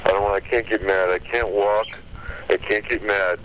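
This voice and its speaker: A man's voice: on the low side, steady tone, normal speed, fairly bright tone, slight background noise, rough recording. A man leaving aggrieved, self-pitying, rambling messages on an answering machine.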